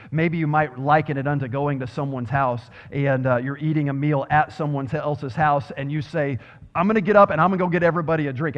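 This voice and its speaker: A fairly high-voiced man delivers a sermon to his congregation, playful one moment and hushed the next. He acts out quoted voices with humor. The sound is muffled and rings with the long echo of a large church hall. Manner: animated, swings between loud emphasis and quiet reverent passages. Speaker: pastor. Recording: dull, reverberant hall sound.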